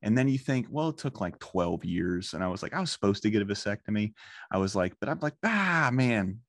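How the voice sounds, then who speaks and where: Podcast host, thirties, male; casual and profane, lively anecdotes, slightly low voice, dry recording. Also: quick pace, no room sound. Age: 30s. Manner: profane, animated storytelling. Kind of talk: casual chat.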